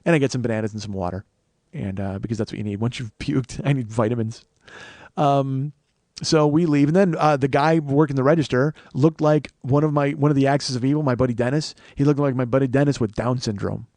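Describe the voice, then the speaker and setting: Man, 40s, comedy podcast host, storytelling monologue, swears a lot, rambling, self-correcting, mid-pitched, dry close mic. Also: fairly quick, a little mellow, no room sound.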